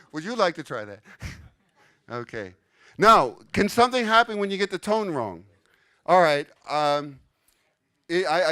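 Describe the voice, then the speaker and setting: A man's voice: medium pitch, fairly bright tone, clear, resonant tone. An older man giving a casual, explanatory lecture to a live audience in a conference room, often checking in with "okay?". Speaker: conference speaker.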